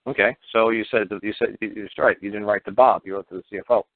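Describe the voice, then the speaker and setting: A man's voice: on the low side, fairly even intonation, quick pace, dry recording. A man hosting a call-in radio show, lecturing a caller in a blunt, profane way. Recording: dry phone-line radio audio.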